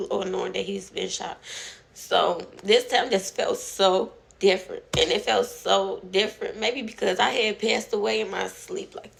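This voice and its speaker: A young woman speaks straight to her phone's followers, her voice deeply gravelly with constant fry at a mid pitch. She tells her story casually and emotionally, stopping, restarting and filling gaps as she goes. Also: fairly bright tone. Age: young adult. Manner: emotional, halting, with many fillers and restarts. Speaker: TikTok storyteller. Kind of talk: casual personal storytelling to camera.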